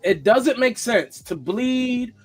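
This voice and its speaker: A man co-hosting a casual podcast chat, quick to argue his point. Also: extremely high pitch, lively intonation, husky, faint music behind. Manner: argumentative, quick to push back. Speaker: co-host.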